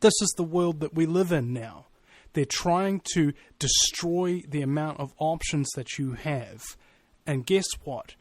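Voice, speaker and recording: A man's voice: a little high, unhurried, no room sound. Fired-up male radio host, dry sound. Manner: blunt, fired-up motivational talk. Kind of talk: casual radio chat.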